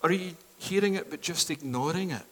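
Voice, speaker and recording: A man preaching a sermon from a pulpit, shifting from loud proclamation down to hushed, near-whispered appeals. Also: on the high side, fairly quick. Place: church. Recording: long reverb of a large hall.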